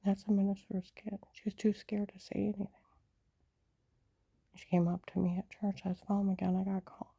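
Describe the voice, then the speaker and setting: A woman rambling through a personal story in a monologue, often dropping into a hushed whisper. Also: mid-range voice, flat delivery, a little fast, creaky, husky, no echo, muffled recording. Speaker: storyteller recounting her own life.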